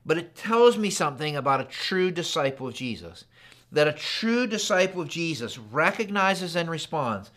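A man's voice: on the high side, big pitch swings, moderate pace, fairly bright tone. A man in his fifties preaching a sermon, telling stories in a conversational way and acting out the dialogue. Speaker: pastor.

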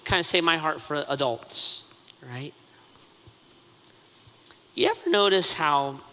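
A man's voice: a little high, pushed and bright, long reverb tail. A man preaching a sermon as the pastor, conversational and self-mocking, with lots of asides.

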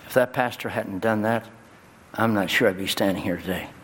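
A male pastor delivering a sermon in a church, his voice jumping high and loud on key words. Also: fairly quick, slight background noise. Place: church sanctuary. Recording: long hall reverb, faint ambience.

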